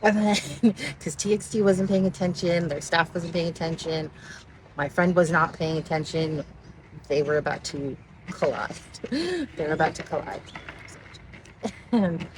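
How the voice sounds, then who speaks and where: Giggly rambling woman, low-pitched, noisy outdoors. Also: steady tone, measured pace. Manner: rambling, giggly, easily distracted. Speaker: vlogger telling a story. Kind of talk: casual storytime chat. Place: outdoors near water with ducks and bugs.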